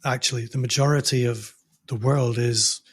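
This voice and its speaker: A man hosting an interview podcast, thoughtful and pausing to search for the right word. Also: medium pitch, steady tone, husky. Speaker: podcast host. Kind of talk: interview conversation.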